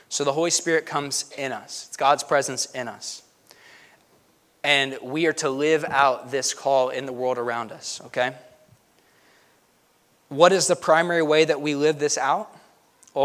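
A man preaching a lively sermon, emphatic and joking, swinging between loud bursts and hushed asides. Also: fairly high pitch. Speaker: pastor.

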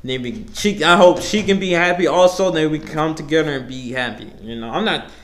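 A young man hosting a podcast in a casual solo rant, rambling and profane, with many fillers, swinging between heated outbursts and low mumbles. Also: a little fast, fairly bright tone. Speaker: podcast host.

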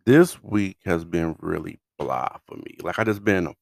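A man's voice: deep voice, normal speed, creaky, no room sound, studio quality. A middle-aged man co-hosting a podcast in casual chat, hesitant and often trailing off. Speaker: podcast co-host.

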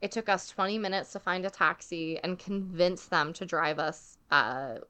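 A young woman with a fairly low, smooth voice tells a travel story at normal speed in casual chat. She's chatty, says "like" constantly, and animatedly acts out the quotes.

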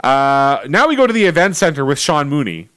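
A man's voice: fairly high pitch, very animated, a little fast, fairly bright tone, smooth, no room sound, studio quality. A man co-hosting a podcast, chatting casually through his notes on old wrestling shows, with lots of fillers and restarts. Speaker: podcast co-host.

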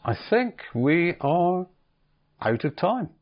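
A man's voice: sits high, big pitch swings, slow, highs cut off. A man hosting a casual podcast chat, asking dry, teasing questions. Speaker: podcast host.

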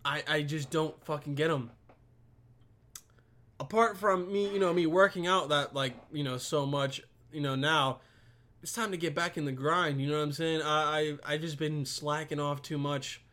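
A young man vlogger rants into a camera set on his computer, rambling and swearing constantly as he vents. His fairly high voice is bright and forceful, with a steady tone at normal speed.

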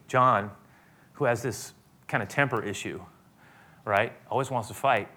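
Dramatic preacher, bright voice. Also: male voice, mid-range voice. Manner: dramatic, swinging from loud shouting to hushed whispering; acts out the characters with quoted dialogue. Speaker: pastor. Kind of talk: sermon.

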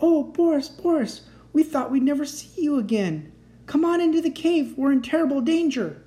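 A storyteller voicing a mother dragon who cries out in breathless, high-pitched relief and fear. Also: animated, normal speed, dark tone. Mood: overjoyed. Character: mother dragon, overjoyed and frightened.

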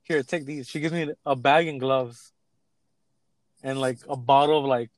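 Young man telling a lively story. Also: mid-range voice, measured pace, no echo. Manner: animated storytelling, acts out quotes, swears freely. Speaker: storyteller in casual chat. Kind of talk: casual chat.

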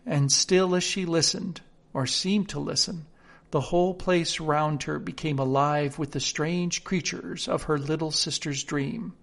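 A man narrating a storybook in a steady, clear reading voice. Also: fairly high pitch.

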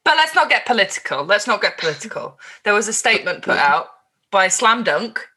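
A woman's voice: mid-range voice, very animated, brisk, pushed and bright, husky. A young woman co-hosting a casual chat podcast, playful and teasing. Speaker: podcast co-host.

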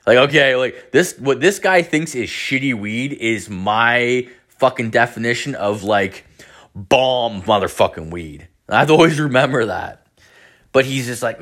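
Young male host, bright tone, profane and animated casual storyteller. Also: mid-range voice, unhurried. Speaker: podcast host.

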